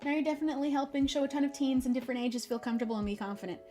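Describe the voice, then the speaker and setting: A young woman streaming from home, chatting casually with viewers, laughing often and speaking in a gentle, encouraging way. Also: sits high, racing, soft background music. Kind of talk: casual chat reading viewer messages.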